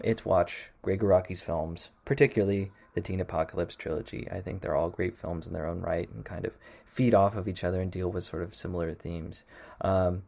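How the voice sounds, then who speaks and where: A man's voice: low-pitched, vocal fry, a little mellow. A man hosting a music show in casual, rambling talk, hedging a lot as he wraps up. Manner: rambling, hedging with lots of "kind of" and "sort of". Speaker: radio show host.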